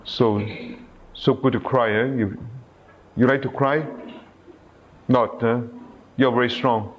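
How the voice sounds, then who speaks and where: A priest giving a sermon, reading a diary aloud and adding halting asides and rhetorical questions to his listeners. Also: mid-range voice, steady tone, slight background noise. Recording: dull lo-fi recording.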